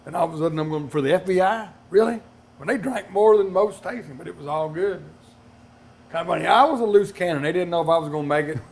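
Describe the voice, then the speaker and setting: An older man from Kentucky with a Southern accent, telling lively stories on a panel and acting out what people said. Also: a little high, quick pace, creaky. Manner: animated anecdotes with acted-out quotes and laughter. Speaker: master distiller panelist. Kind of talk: storytelling on a panel.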